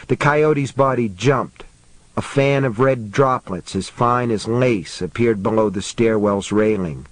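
A man's voice: on the low side, no echo, rough recording. Dry-voiced male audiobook narrator. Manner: steady, measured reading.

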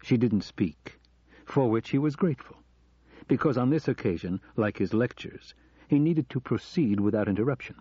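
A man narrating an audiobook in a calm, measured storytelling manner. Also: medium pitch, breathy edge, no echo. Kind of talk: scripted narration. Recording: dull lo-fi audio.

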